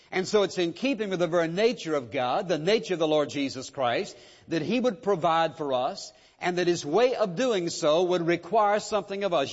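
A pastor preaching a sermon, pressing his point with rhetorical questions and repeated words. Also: on the high side. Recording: dull lo-fi sound in a reverberant hall.

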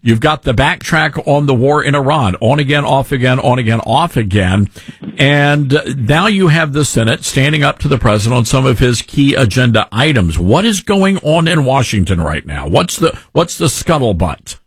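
A man hosting a talk radio show, wry and animated with sarcastic asides. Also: mid-range voice, normal speed, few pauses, slightly rough, no room sound, studio quality. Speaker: radio host.

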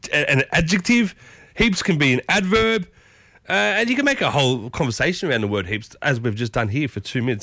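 A man with an Australian accent hosting a morning radio show, chatty and upbeat, often jumping up in pitch. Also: a bit bright, no echo, clean studio sound. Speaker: radio host. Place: radio studio. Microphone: studio microphone.

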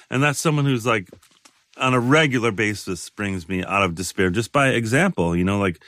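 A man in his sixties, a guest in a conversation, talking in a halting, reflective way with many restarts. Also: fairly low pitch, a bit bright, no echo. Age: 60s. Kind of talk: casual conversation.

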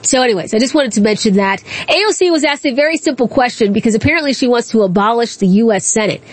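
A woman hosting a call-in radio talk show, chatty and quick, laughing often between points. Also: mid-range voice.

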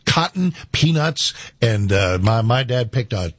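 A man's voice: mid-range voice, animated, unhurried, no echo. An older man co-hosting a talk radio show, blunt and emphatic in his dismissals. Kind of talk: casual on-air banter.

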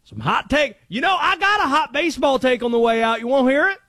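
A man doing an excitable, conspiracy-minded character with a put-on Cajun accent, loud and drawling. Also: extremely high pitch, quick pace, no echo, pitched above the performer's own voice, exaggerated voice. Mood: suspicious. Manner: loud, drawling, shouting and rambling.

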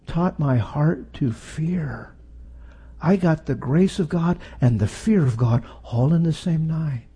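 Older male preacher in his sixties, high husky voice, shifts between loud bursts and hushed lows. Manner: storytelling, swings from loud and high to low and hushed. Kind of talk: sermon.

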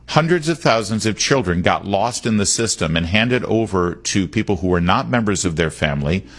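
A middle-aged man hosting a political talk radio show, talking in an animated, digressive and emphatic way. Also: low voice.

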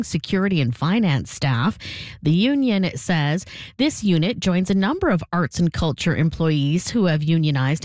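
A woman reading a radio news update in a steady, measured newsreader manner. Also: low voice, no room sound. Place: radio studio.

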